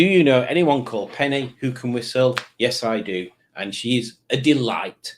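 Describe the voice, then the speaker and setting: A man hosting a relaxed live stream. He rambles as he reads out viewer comments, pokes fun at himself and laughs easily. His voice sits in an ordinary middle register. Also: mid-range voice, unhurried, few pauses. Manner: rambling, self-mocking, easily amused. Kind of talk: casual live-stream chat reading comments.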